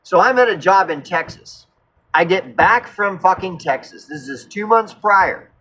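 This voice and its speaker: A man's voice: sits high, expressive, a little slow, sharp tone, muffled recording. A man telling a personal story in a rambling, profane, repetitive way. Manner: rambling, profane, repeats himself. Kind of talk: casual storytelling monologue.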